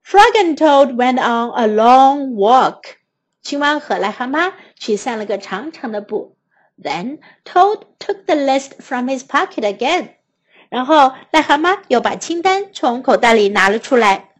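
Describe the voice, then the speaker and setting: A woman with a Mandarin Chinese accent reading a children's story aloud in two languages, slow, clear and patient. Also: high-pitched, expressive.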